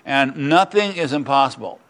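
Moderately paced and slightly bright, this pastor's medium-pitched voice has lively intonation. He reads scripture during his sermon and breaks in with earnest, emphatic, conversational remarks.

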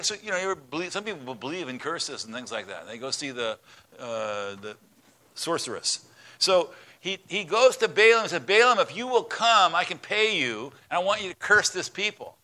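A man's voice: on the high side, pushed and bright. A man preaching a sermon as a pastor, telling a story and acting out its voices.

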